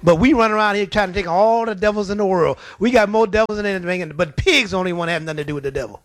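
Male preacher, high voice, lively storytelling, dry close sound. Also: racing, no echo. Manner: animated storytelling with acted-out voices. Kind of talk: sermon.

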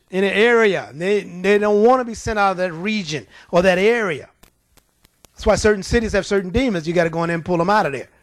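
A man's voice: sits high, a bit bright, dry recording. A man preaching a sermon, telling stories in an emphatic, colloquial way.

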